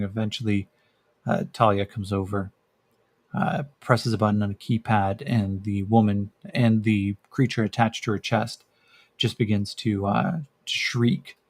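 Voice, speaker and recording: A man narrating a solo tabletop role-playing game as game master, casual and hesitant with many fillers. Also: lowish voice.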